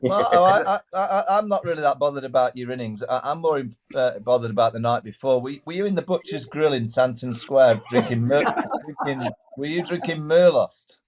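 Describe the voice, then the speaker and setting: A man's voice: medium pitch, lively intonation, a little fast, hardly any pauses. Guy co-hosting a podcast, teasing the guest with silly questions. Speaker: podcast co-host. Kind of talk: casual podcast chat.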